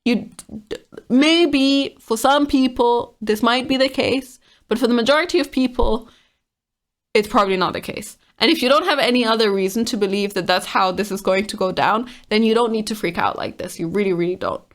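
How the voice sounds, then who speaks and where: A woman's voice: on the high side, moderate pace. Chatty woman, exasperated commentary. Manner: chatty, exasperated, laughs often. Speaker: commentator reading online comments. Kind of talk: casual commentary.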